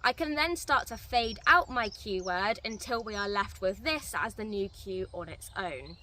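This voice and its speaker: A woman dog trainer giving a clear, step-by-step tutorial outdoors. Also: medium pitch, animated, normal speed, sharp tone. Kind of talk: instructional tutorial. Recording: distant mic, faint outdoor noise.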